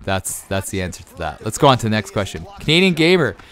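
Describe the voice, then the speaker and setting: A man in his thirties answering viewer questions in a rambling, easily excited way with many fillers. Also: lowish voice, fast talker. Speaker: YouTube gaming creator. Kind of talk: casual Q&A over gameplay.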